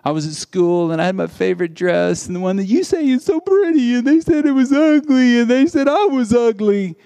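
A woman's voice: a little high, fairly quick, dark tone, pitched above the performer's own voice, natural voice. Man doing a hurt little girl. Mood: upset. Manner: tearful, pleading. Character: hurt little girl telling her mother.

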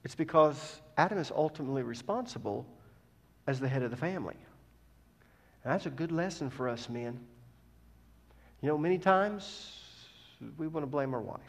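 A man preaching a sermon. He teaches scripture with emphatic stresses that drop to soft asides. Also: fairly high pitch, animated, normal speed, long pauses. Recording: long reverb of a large hall.

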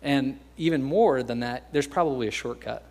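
A young American man preaching a sermon in a casual, joking way, slipping into quick impressions of other people. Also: medium pitch, darkish tone. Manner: conversational and joking, acts out quoted voices. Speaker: pastor.

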